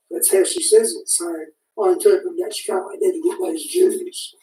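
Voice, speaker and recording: A woman giving an animated, casual spoken commentary, often restarting and repeating words as she talks. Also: high voice, moderate pace, gravelly. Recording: echoey room, far from the mic.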